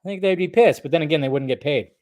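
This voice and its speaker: A man's voice: a little high, very fast, a little mellow, no echo, clean studio sound. A man hosting a casual livestream, reading chat questions aloud and answering in a rambling, profane way.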